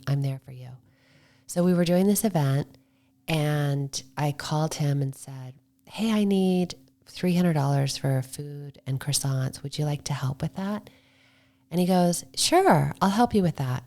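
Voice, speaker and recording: A middle-aged woman with a notably low voice, chatting on a podcast. She tells her stories in a relaxed, talkative way and acts out what other people said, sometimes sinking to a soft whisper. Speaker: podcast guest, motorcycle club founder. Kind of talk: casual podcast conversation.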